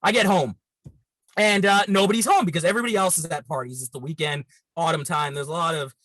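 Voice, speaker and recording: A man's voice: fairly high pitch, quick pace, dry recording, poor audio. A man in his thirties, a comedian guest telling a wild, profane party story in casual chat. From Canada. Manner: animated, profane, rambling anecdotes.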